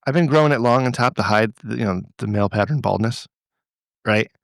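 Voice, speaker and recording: A man's voice: fairly low pitch, quick pace, vocal fry, dry recording. A man hosting a podcast in loose, rambling chat, swearing freely and restarting his sentences. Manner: rambling, profane, with frequent restarts. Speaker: podcast host.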